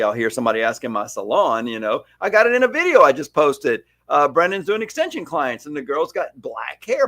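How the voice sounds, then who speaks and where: A man's voice: on the high side, gravelly, no echo. A man who owns a salon, talking in a casual, emphatic podcast chat with a stylist colleague. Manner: animated, emphatic storyteller. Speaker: salon owner and stylist educator.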